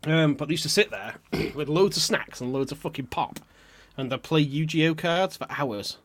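Animated, sweary man storyteller. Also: a little high, moderate pace. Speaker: podcast co-host. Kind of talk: casual podcast storytelling.

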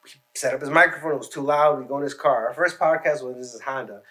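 A man's voice: mid-range voice, quick pace, pushed and bright. A man on a podcast telling long, rambling, profane stories in casual chat.

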